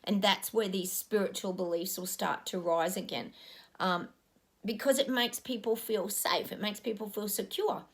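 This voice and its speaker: A woman's voice: mid-range voice, normal speed. A middle-aged woman talking casually to her viewers, rambling and earnest with lots of ums. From Australia. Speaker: psychic giving predictions.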